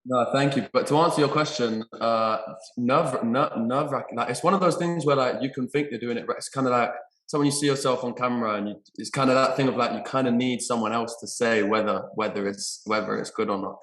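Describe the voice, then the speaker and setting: A man's voice: medium pitch, steady tone, fast, fairly bright tone. A young man with an English accent, an actor answering interview questions hesitantly, often repeating his words. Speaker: actor guest. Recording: roomy echo.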